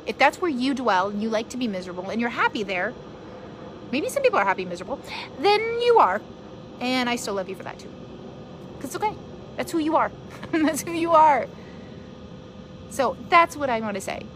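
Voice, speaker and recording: A woman's voice: on the high side, bright, forceful tone, slight background noise. A woman hosting a casual live-stream podcast, rambling earnestly and encouraging her listeners as a mother sharing her thoughts.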